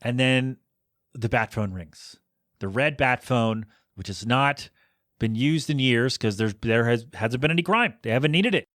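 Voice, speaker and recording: Animated man reviewing a cartoon, dry sound. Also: medium pitch, measured pace, dry recording. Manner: animated, rhetorical questions, exasperated asides. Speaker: podcast host. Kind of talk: casual movie review.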